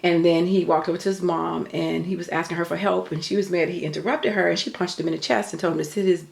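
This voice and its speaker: A woman's voice: fairly low pitch, steady tone, fast talker, gravelly, reverberant. An older woman telling a story in an earnest, chatty way, full of faith talk. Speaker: vlogger. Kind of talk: casual storytelling.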